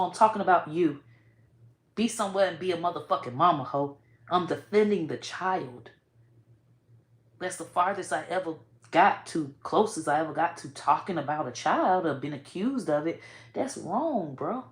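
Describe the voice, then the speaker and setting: A woman talking casually to camera as a vlogger, blunt and profane, often saying "bro" and "y'all", swinging between soft and loud as her feelings run high. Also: reverberant.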